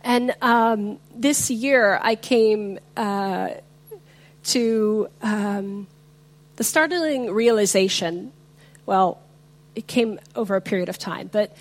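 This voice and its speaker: A woman giving a reflective, self-deprecating talk on faith with a personal story, often pausing with fillers. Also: on the high side. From not from the US.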